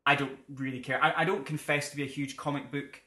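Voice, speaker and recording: A man's voice: mid-range voice, level tone, fast talker, sharp tone, reverberant. A man co-hosting a podcast, chatting casually and rambling with frequent laughs. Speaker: podcast co-host. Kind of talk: casual chat.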